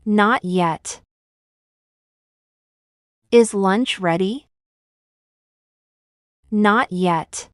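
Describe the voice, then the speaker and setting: Female English teacher, very slow and deliberate delivery, smooth voice, dry close mic. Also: mid-range voice, no room sound. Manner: slow, deliberate, clearly enunciated. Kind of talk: slow scripted phrase lesson.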